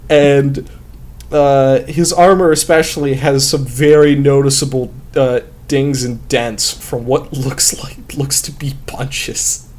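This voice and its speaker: A man's voice: medium pitch, steady tone, takes it slowly, a little mellow. A man chatting casually while playing a game, rambling and swearing with many fillers into a close desk mic. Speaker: gamer and podcast host.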